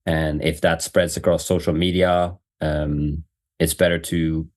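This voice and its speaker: A man hosting a podcast, talking loosely with many fillers and quick laughs in casual chat. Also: extremely low pitch, little pitch movement, a little mellow. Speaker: podcast host.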